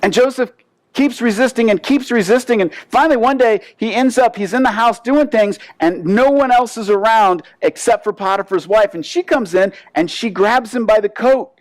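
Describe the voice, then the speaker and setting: A man's voice: sits high, moderate pace, no echo, low-quality recording. Storytelling male pastor, dry sound. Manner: storytelling with animated asides and repeated word restarts. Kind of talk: sermon.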